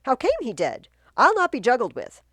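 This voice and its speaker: A woman reading the part of a furious young nobleman bent on revenge, shouting verse. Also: medium pitch, very animated, measured pace, dry recording.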